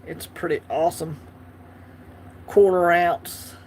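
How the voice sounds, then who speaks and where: This livestream host, a Southern US man, speaks slowly in a steady, high-leaning voice over a slight hiss or hum. He talks easily and answers whatever the chat sends his way.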